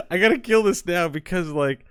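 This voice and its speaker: A man co-hosting a podcast in casual chat, excitable and rambling, often breaking into laughs. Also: high voice, a little slow, smooth, dry recording, studio quality. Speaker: podcast co-host.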